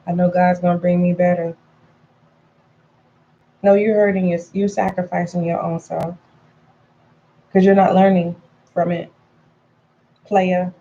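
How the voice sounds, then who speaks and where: A woman's voice: mid-range voice, creaky, dark tone, highs cut off, a little hiss or hum. A woman giving a casual tarot reading to her viewers, chatty and frank, calling them pet names and repeating points for emphasis. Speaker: tarot reader.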